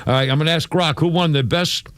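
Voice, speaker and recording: A man hosting a radio talk show, chatty and quick to laugh as he talks with callers. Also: fairly high pitch, smooth, no room sound. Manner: chatty, laughs often, animated.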